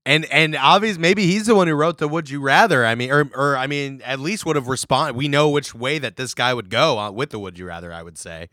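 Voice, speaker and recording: A podcast co-host in casual chat, ranting in exasperation and swearing freely. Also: male voice, medium pitch, a little fast, few pauses, pushed and bright, no echo, clean studio sound.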